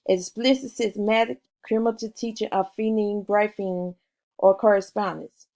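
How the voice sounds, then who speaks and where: A woman giving a recorded class presentation, reading from notes with pauses, fillers and self-corrections. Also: medium pitch, steady tone, vocal fry, darkish tone, rough recording.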